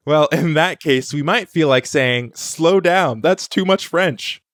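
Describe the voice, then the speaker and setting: A man co-hosting a scripted language lesson, modeling pronunciation slowly and clearly for learners. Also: fairly high pitch, a bit bright, no room sound, studio quality. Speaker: language teacher and co-host.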